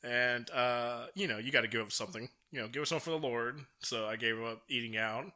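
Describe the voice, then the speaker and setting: A man's voice: mid-range voice, fast, sharp tone. A young man co-hosting a casual podcast, joking loosely and laughing often. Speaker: podcast co-host. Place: hot small room.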